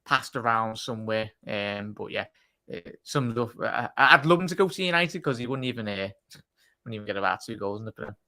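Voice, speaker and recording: A man's voice: fairly low pitch, lively intonation, fairly quick, sharp tone. A man as a guest on a football show, blunt and opinionated in casual chat. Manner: blunt, opinionated, says mate a lot.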